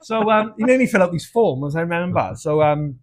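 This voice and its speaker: A Welsh man co-hosting a podcast, telling a personal story in a frank, casual way, swearing freely and laughing at his own dark humour. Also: sits high, animated, brisk. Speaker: podcast co-host.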